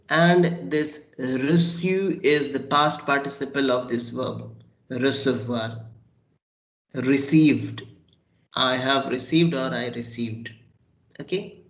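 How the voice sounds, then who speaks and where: A man teaching a French class, patiently repeating and spelling out words. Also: mid-range voice. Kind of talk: online language class. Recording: roomy echo.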